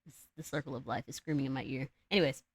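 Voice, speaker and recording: A woman's voice: a bass voice, fairly even intonation, quick pace, breathy edge, dry recording. A young adult woman telling a fairy tale on a live stream, rambling, slangy and profane. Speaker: streamer and storyteller. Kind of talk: casual live-stream storytelling.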